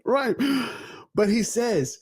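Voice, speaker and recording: Animated man, swooping up in disbelief. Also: slow. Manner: animated, laughing, swings into high incredulous exclamations. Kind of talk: casual podcast chat.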